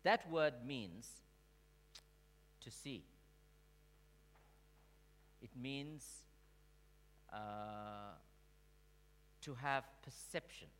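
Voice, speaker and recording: Preacher man, slow deliberate sermon, sharp bright voice, big echoey church hall. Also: medium pitch, animated. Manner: call-and-response with the congregation; slow, emphatic delivery swinging from soft to shouting. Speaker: pastor. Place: church sanctuary. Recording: long reverb of a large hall.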